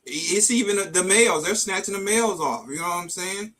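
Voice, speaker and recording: Bright-voiced man hosting a live chat. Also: sits high, lively intonation, fairly quick, low-quality recording. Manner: earnest, repeats himself while advising. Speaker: show host. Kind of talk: casual live-stream chat. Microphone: video call.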